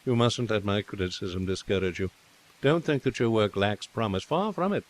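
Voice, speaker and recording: A man's voice: fairly low pitch, lively intonation, moderate pace, a little hiss or hum, close to an everyday voice. A man reading a pompous, patronizing male artist who speaks with condescending graciousness.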